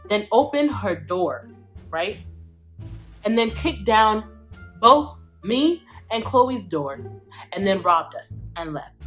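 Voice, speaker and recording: A woman's voice: lowish voice, fairly bright tone. Emphatic young woman telling a story. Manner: emphatic, profane, repeats lines for effect. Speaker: vlogger. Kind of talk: storytime vlog.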